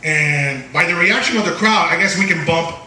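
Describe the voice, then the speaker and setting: A man doing a stand-up set on a small bar stage, halting with lots of uh and restarts, and jumping high when quoting voices. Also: bright, forceful tone, far from the mic, slight background noise. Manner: halting delivery full of uh and restarts, jumps high for quoted voices. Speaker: stand-up comedian. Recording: echoey bar room recorded from afar. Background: bar crowd ambience and laughter.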